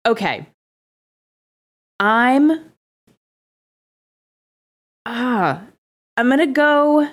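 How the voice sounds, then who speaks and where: Tired woman with a lively pitch, deadpan jokes. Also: normal speed. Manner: playful, deadpan dark humor, lively pitch. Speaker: podcast co-host. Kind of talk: casual comedic chat.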